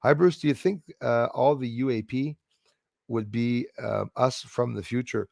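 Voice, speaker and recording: A man's voice: medium pitch, unhurried, vocal fry, darkish tone, no room sound, studio quality. A man hosting a live stream, chatting casually, laughing easily and thanking viewers by name. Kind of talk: casual chat reading viewer comments.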